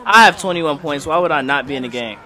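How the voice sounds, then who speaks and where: A young man commentating live on his own basketball video game, excitable and trash-talking at the screen. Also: fairly high pitch, quick pace. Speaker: gaming commentator. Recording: game music and crowd noise faintly behind. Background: faint game music and arena crowd.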